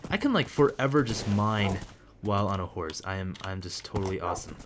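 Excitable young man narrating his gameplay. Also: lowish voice, brisk, background noise. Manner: excitable, rambling, jokey. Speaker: gaming video host. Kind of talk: casual let's-play commentary.

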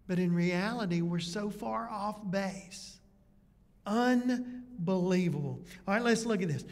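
In a church sanctuary with the reverb of a church hall, a male pastor preaches a conversational sermon packed with rhetorical questions. His voice is high and his delivery unhurried.

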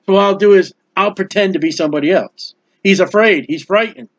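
A man preaching a Bible sermon, high-pitched and animated as he acts out the characters. The recording sounds dull and lo-fi. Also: fairly quick. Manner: animated, acts out biblical characters, quotes scripture.

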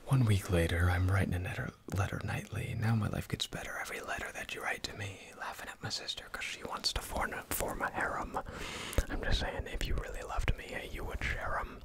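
A man plays a young woman in love in a whispered role-play. The voice stays very low and gravelly under the hush, the rhythm close to a soft rap. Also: steady tone, a little fast, low-quality recording. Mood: tender.

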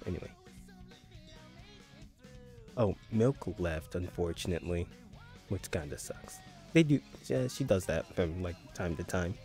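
A man's voice: sits low, lively intonation, measured pace, pauses often, darkish tone, faint music behind. A young man streaming in a social VR game, joking crudely and laughing often in casual chat. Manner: giggly, joking, crude banter.

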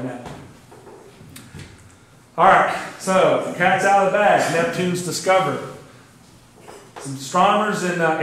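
A man's voice: fairly high pitch, fairly bright tone. A man giving a casual astronomy lecture to a club audience, talking through his slides with lots of fillers. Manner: conversational, many fillers, says "kinda neat". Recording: very echoey room, faint background noise.

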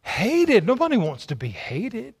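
Male pastor, high-pitched, emphatic sermon delivery with lots of repetition. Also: wildly swooping pitch, measured pace, husky. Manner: emphatic, repetitive rhetorical preaching with stammered restarts.

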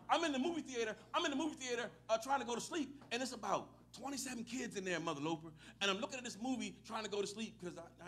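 Middle-aged male pastor, very high voice, slangy folksy sermon, shouts and laughs. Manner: swings from shouting to low storytelling, laughs often; casual, folksy preaching with street slang.

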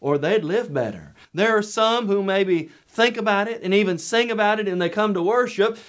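A man preaching a televised sermon lesson, measured and emphatic, with repeated rhetorical questions. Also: sits high.

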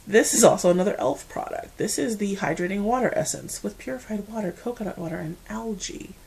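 A woman from the Mid-Atlantic United States with an American accent, chatting casually to camera as a beauty vlogger, animated and full of asides. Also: medium pitch, brisk, creaky, slight background noise.

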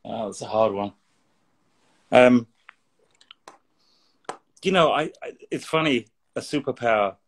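A man's voice: mid-range voice, lively intonation, slow, long pauses, slightly rough. A middle-aged man from England speaking as an interview guest, earnest and reflective, often repeating words as he searches for them. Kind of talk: interview conversation.

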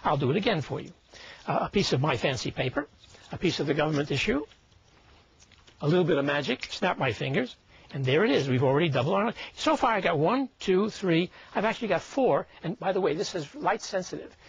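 A man's voice: on the high side, lively intonation, brisk, slight background noise. An older man performing comedic magic patter as a magician, a wisecracking, chatty showman.

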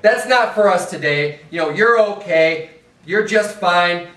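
A man's voice: high voice, unhurried. A man preaching a fervent sermon as pastor, with an American accent, stumbling over repeated words as he presses his points. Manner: impassioned, repetitive restarts, mimics soft preachers in a hushed voice. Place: church sanctuary. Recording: echoey room from far off.

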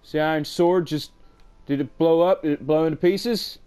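A man's voice: a little high, fairly even intonation, normal speed, smooth, soft background music. A man casually commenting on his own game playthrough, rambling and swearing a lot, with sudden angry outbursts. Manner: profane, rambling, erupts into yelling. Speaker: gameplay commentator. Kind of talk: casual let's-play commentary.

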